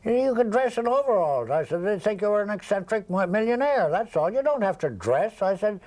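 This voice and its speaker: Brief: older man, high-voiced, rambling raconteur who slips into the voices of people in his stories. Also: very animated, brisk, a little mellow, low-quality recording. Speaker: interviewee, storyteller. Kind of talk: casual anecdotal storytelling.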